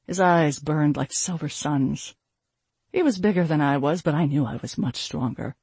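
Male audiobook narrator, fantasy story, gravelly, dry close recording. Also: a little high, a little mellow, no room sound. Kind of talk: first-person fantasy narration.

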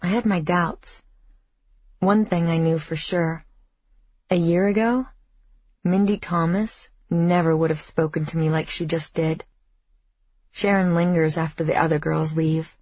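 A woman narrates a first-person audiobook in a measured, reflective voice. Her tone is low and husky. The sound is dry and close, a little dull. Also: steady tone, a little mellow, no room sound.

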